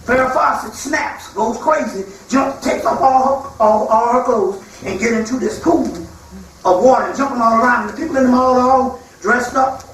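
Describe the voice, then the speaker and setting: A man's voice: extremely high pitch, normal speed, a bit bright. Male lecturer, colloquial storyteller who acts out his quotes; very echoey room, faint background hiss. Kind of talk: spiritual lecture to a live audience. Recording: echoey hall from far off, faint noise.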